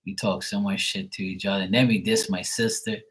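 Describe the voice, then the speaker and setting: A man chatting casually to camera, rambling and swearing freely in a relaxed way. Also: deep voice, brisk, rough recording. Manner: rambling, profane, laid-back. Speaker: tarot reader, channel host.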